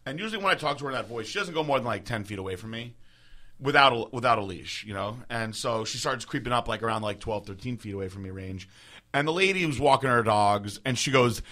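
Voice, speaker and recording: A man's voice: mid-range voice, lively intonation, fast, pushed and bright. A man co-hosting a casual podcast, blunt and crude, swearing freely as he tells stories. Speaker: podcast co-host.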